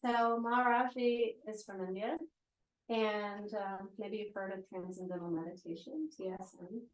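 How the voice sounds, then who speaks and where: A woman's voice: medium pitch, fairly even intonation, normal speed. A woman in her forties teaching yoga and meditation in a casual live lecture, chatty and full of "right?" asides. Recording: roomy echo.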